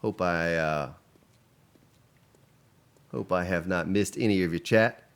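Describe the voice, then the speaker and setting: A man's voice: deep voice, slow, clean tone. A man casually commenting on his game during a live stream, chatting with viewers as he plays. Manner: relaxed and chatty, reading out and answering viewer chat.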